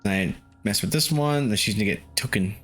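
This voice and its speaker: A man's voice: lowish voice, a little fast, fairly bright tone. A man casually commenting while streaming a video game, cursing and laughing often. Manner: loose, profane, laughs often.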